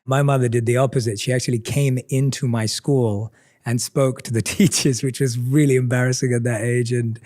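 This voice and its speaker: A man's voice: mid-range voice, fairly even intonation, moderate pace, darkish tone. A man hosting a podcast interview, welcoming his guest enthusiastically. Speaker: podcast host. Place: seated indoors for an interview.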